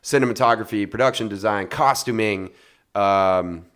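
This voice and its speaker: A man's voice: on the low side, normal speed, fairly bright tone. A man co-hosting a casual film podcast, summarizing plots with frequent laughs. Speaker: podcast co-host. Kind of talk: casual chat.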